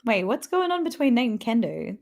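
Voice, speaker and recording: A woman's voice: a little high, very animated, a little fast, gravelly, a little mellow. A woman live-streaming a game, chatting casually with a teammate and greeting viewers, laughing often. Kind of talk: casual live-stream chat while gaming.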